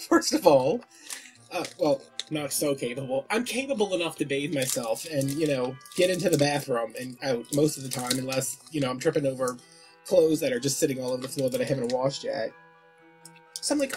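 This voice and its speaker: A man tells a casual, meandering story in a vlog while he wraps gifts at home. He keeps losing his thread and starting over. His voice sits at a medium pitch, and cheerful holiday music plays clearly in the background. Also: fairly quick, darkish tone. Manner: chatty and easily distracted, with lots of restarts. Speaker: vlogger. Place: home, wrapping presents. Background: Christmas music.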